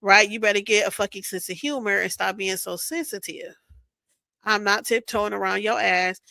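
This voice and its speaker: A woman's voice: medium pitch, fairly even intonation, normal speed, vocal fry, sharp tone, dry recording. A woman recapping an online argument in a casual, profane, sarcastic rant, often checking in with "right?". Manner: combative, sarcastic, swears constantly. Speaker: vlogger.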